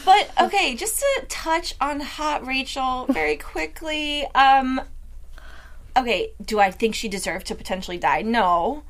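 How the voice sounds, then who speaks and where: A woman's voice: high voice, lively intonation, a little slow. A woman hosting a casual panel chat, talkative and acting out quotes as she retells things. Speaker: host.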